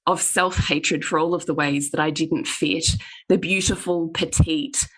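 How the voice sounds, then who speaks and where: A woman speaking as a podcast guest in candid conversation, emphatic and animated. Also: deep voice, unhurried, husky.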